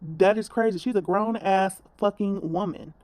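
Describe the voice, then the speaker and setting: A woman's voice: medium pitch, moderate pace, darkish tone, no echo. A woman commentator ranting bluntly in a reaction video, scolding and swearing.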